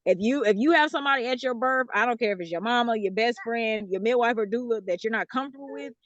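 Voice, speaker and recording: A woman's voice: a little high, quick pace, dry recording, highs cut off. A woman with a Southern US accent, a guest author answering interview questions in a chatty way with frequent fillers and laughs. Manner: chatty, laughs often, explains with many fillers.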